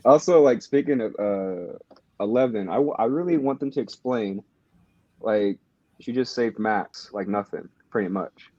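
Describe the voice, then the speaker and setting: A man's voice: on the low side, lively intonation, normal speed, a little mellow, no echo. A man co-hosting a podcast, chatting in a laid-back way, laughing often and swearing casually. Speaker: podcast co-host. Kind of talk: casual chat. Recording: dull lo-fi sound.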